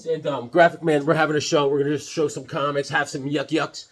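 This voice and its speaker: A man chatting casually as a comic book vlogger, joking and rambling with sudden loud bursts while he shows off his sketches. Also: on the high side, fast talker. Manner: excitable, jokey, rambling, with sudden loud outbursts. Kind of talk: casual chat showing sketches.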